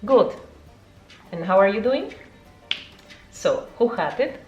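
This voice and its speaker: A young woman hosts a relaxed video language lesson in English, which is not her first language. She talks in a chatty way, full of fillers, and her voice leaps up high whenever she demonstrates a word. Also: slow, lo-fi sound, faint music behind. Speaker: language teacher and video host.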